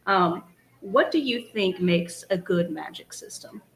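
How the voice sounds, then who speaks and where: Gravelly-voiced woman moderating a panel. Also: on the low side, unhurried, poor audio. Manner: relaxed, hesitant with ums. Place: convention panel room.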